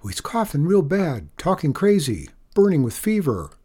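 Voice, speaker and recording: A man's voice: on the high side, sing-song, moderate pace, darkish tone, pitched above the performer's own voice. A man reading a story, voicing a young frontier boy who pleads and stammers in a raised voice. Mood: pleading.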